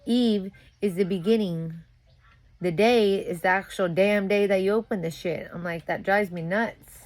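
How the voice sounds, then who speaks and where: A woman's voice: mid-range voice, measured pace. A young woman venting in a casual monologue, cursing often and growing heated as she rants, worn out as a sleep-deprived new mother. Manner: profane, ranting, grows louder and heated. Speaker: vlogger.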